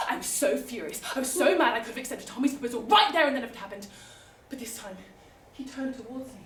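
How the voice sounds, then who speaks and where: A woman's voice: on the high side, lively intonation, quick pace, slight background noise. A young woman performing a comic period monologue, theatrical and giggly, playing every part herself. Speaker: drama student performing a monologue. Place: rehearsal room. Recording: echoey room, mic far off.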